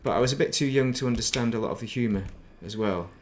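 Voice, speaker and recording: A man's voice: medium pitch, fast, a little hiss or hum. Man rambling on a gaming stream. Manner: rambling and reminiscing, muttering to himself. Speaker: game streamer. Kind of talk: casual gaming stream chat.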